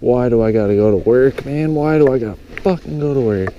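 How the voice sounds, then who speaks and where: A young man excitedly narrating his fly fishing outdoors by a lake, swearing often and exclaiming over his catch. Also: mid-range voice, fairly quick, muffled recording, a little hiss or hum. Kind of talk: excited outdoor vlog commentary.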